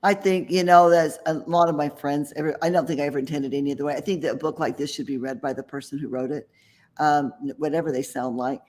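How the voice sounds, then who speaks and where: A man's voice: on the high side, fairly even intonation, fast talker, darkish tone. A man guest who writes books and mentors people, talking casually and confidently in an interview, rambling a little with restarts. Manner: chatty, self-assured, rambling with restarts.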